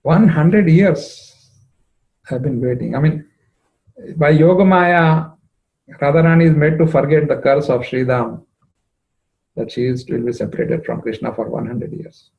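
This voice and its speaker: A man telling a devotional story, emotive and rising in pitch at moving moments, with frequent fillers. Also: a little slow, creaky, long pauses, phone-quality sound. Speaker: spiritual storyteller.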